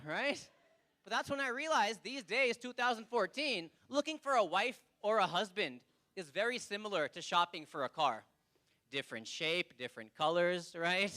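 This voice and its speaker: A man with an Indian accent performing a stand-up comedy set on stage, animated and quick to act out characters. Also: sits high. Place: comedy stage before a live audience.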